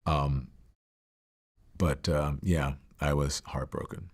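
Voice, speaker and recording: Middle-aged guy, low gravelly voice, talking slow and halting, lots of um and you know. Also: steady tone. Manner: reflective, halting, many fillers and restarts. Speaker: interview guest. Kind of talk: candid sit-down interview.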